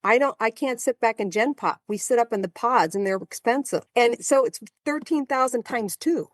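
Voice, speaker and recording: A woman in her sixties, a marathon runner guesting on a podcast, telling stories in a chatty, animated way. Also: fairly high pitch, moderate pace, no room sound, studio quality. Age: 60s. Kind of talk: casual storytelling chat.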